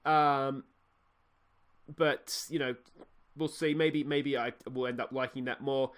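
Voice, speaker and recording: A man's voice: mid-range voice, fairly even intonation, takes it slowly. An Australian man hosting a video game let's play, talking casually with lots of fillers. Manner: chatty, lots of "uh" and "mate".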